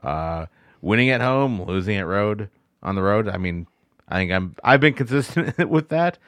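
A man's voice: lowish voice, expressive, normal speed, a bit bright, no echo, clean studio sound. A man on a casual sports podcast giving blunt, matter-of-fact hockey opinions. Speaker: podcast co-host and hockey analyst.

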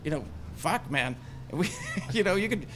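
A man's voice: high voice, expressive, moderate pace, a bit bright, a little hiss or hum. A man co-hosting a casual sports podcast, rambling and swearing as he talks. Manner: rambling, profane, laughs often. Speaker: podcast co-host.

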